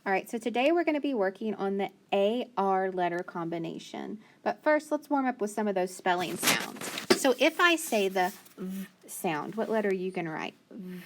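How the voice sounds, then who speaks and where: Woman teacher doing phonics with kids, patient and upbeat, mid pitch, bit of background noise. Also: expressive, moderate pace. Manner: patient, encouraging, asks questions and praises. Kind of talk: phonics lesson for young children.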